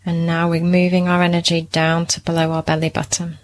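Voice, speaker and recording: A woman's voice: on the low side, monotone, brisk. A woman from the UK co-hosting a podcast interview, affirming and enthusiastic toward her guest. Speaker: podcast co-host.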